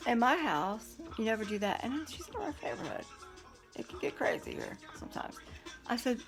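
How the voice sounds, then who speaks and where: A woman recounts a run-in for her viewers, talking bluntly and with clear indignation. She is chatty and quick to editorialize. Music plays clearly behind her voice. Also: fairly high pitch, sing-song. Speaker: vlogger. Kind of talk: casual storytelling to camera.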